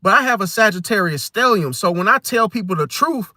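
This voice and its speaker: A young man, ranting casually as an astrology content creator, animated and full of street slang. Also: sits high, fairly quick, dry recording, clean studio sound.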